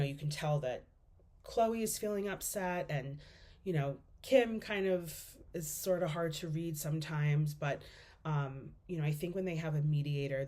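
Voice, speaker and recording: A woman's voice: low-pitched, darkish tone. A young woman giving a class presentation as a student, speaking casually with lots of fillers as she thinks aloud.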